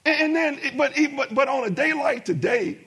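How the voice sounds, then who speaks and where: A man's voice: very high-pitched, animated, normal speed, pushed and bright. A middle-aged man preaching a sermon as pastor, with emphatic rising bursts and many repetitions.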